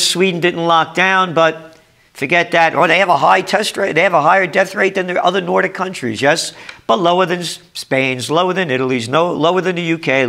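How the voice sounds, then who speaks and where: Emphatic New York man, bright voice. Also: fairly high pitch. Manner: emphatic, sarcastic, punchy delivery. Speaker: trend forecaster. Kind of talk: ranting commentary.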